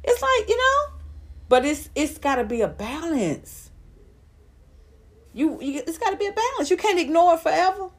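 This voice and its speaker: A high-voiced woman chats through celebrity gossip on a live stream. She talks loud and blunt, swears freely, and laughs between her points. Her pitch jumps all over the place. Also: sing-song, normal speed, long pauses.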